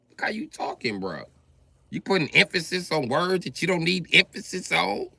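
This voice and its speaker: A man hosting a livestream, riffing in an animated, profane comedic rant with sudden jumps in pitch. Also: normal speed, gravelly, no room sound. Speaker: livestream host.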